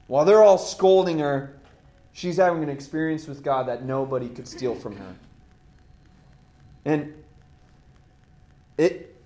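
A man's voice: a little high, a little mellow. A man preaching a sermon in an impassioned, conversational way. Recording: roomy echo.

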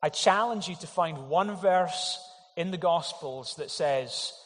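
A man's voice: a little high, slow. A man preaching a sermon, earnest and emphatic, with rhetorical questions to the congregation. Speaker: pastor. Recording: long hall reverb.

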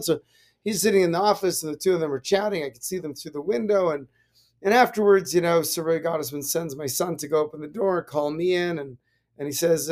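A man, a rabbi, giving a casual spiritual talk and telling personal stories, animated with many restarts. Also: fairly high pitch, quick pace. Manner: animated storytelling with frequent restarts and laughs. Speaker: rabbi, podcast host.

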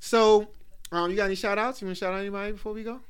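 A man's voice: high voice, fairly even intonation, very fast, clear, resonant tone. A man hosting a podcast, teasing and swearing in casual, joking chat. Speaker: podcast host.

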